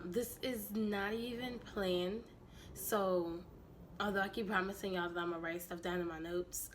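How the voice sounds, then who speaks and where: A woman vlogger with a raspy, hoarse voice from allergies, chatting casually and animatedly with her viewers. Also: lowish voice, slight background noise. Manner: chatty and animated, quick asides.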